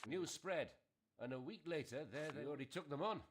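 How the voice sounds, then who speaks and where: A man's voice: fairly high pitch, fairly quick, a crowd in the background, lightly acted. An actor playing a worried male mine owner in a fantasy role-playing game, speaking in an earnest, urgent way. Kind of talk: game character dialogue.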